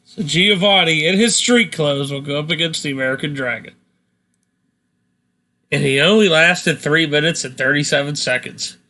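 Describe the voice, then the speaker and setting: A man's voice: a little high, moderate pace, sharp tone. A man co-hosting a podcast in casual chat, making crude joking asides, swearing and laughing along.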